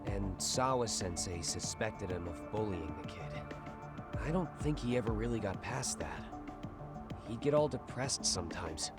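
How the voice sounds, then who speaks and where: A man's voice: fairly low pitch, animated, moderate pace, over loud music, lightly acted. An actor playing a male schoolteacher in a video game, passing on rumors in a confiding, casual way.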